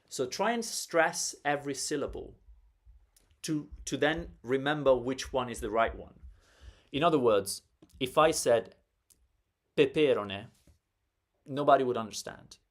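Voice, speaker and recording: Slow, gravelly Italian-accented man teaching. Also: medium pitch, fairly bright tone. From Italy. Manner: explains slowly, often repeating words for stress. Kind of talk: live online language lesson.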